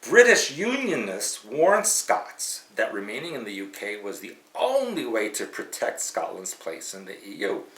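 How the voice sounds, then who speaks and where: A man's voice: lowish voice, wildly swooping pitch, a little slow, hardly any pauses, a bit bright. A man co-hosting a casual news podcast, joking and teasing as he goes through stories. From Michigan, USA. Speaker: podcast co-host. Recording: echoey room with faint noise.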